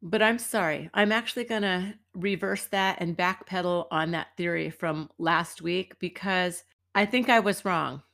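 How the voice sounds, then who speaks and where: A woman's voice: lowish voice, unhurried, vocal fry, hardly any pauses, a bit bright. A woman from the United States, middle-aged, hosting a podcast and telling an everyday story in a chatty, wry way. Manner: chatty and wry, acts out quoted people. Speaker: podcast host and dance teacher. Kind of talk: casual storytelling monologue.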